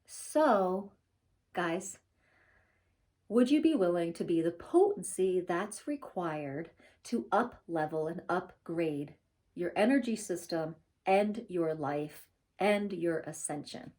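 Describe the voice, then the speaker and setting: A woman's voice: fairly low pitch, expressive, slow pace, a little mellow. A woman in her forties talking casually to camera as a spiritual vlogger, chatty and laughing often, with many fillers.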